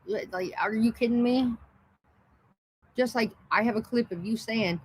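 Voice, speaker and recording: A woman's voice: a little high, unhurried, a little hiss or hum, poor audio. A woman ranting on a casual livestream, profane, mocking and combative. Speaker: livestream host.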